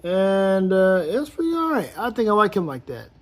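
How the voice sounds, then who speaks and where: A man's voice: high-pitched, sing-song, normal speed. A man giving a casual toy review, rambling and playful as he thinks aloud while posing a figure.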